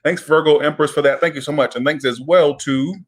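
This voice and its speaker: A man's voice: a little high, fairly even intonation, brisk. A man giving a casual tarot reading, chatty and rambling, with frequent swearing and asides. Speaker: tarot reader.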